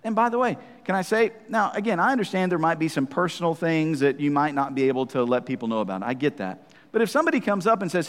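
A man's voice: on the high side, lively intonation, fast talker, a bit bright, long reverb tail. A man preaching a sermon as pastor, talking conversationally to the congregation and often checking in with "right?" asides.

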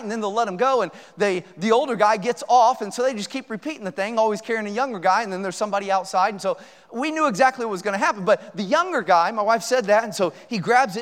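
Middle-aged male pastor, high voice, quick animated sermon delivery, long hall reverb. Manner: animated, acts out quoted voices. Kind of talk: sermon storytelling.

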